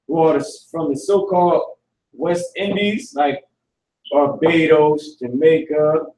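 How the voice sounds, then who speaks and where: A man teaching a live online language class, talking casually with slang and repeating words slowly to drill pronunciation. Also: fairly high pitch, steady tone, mellow. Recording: echoey room, far from the mic.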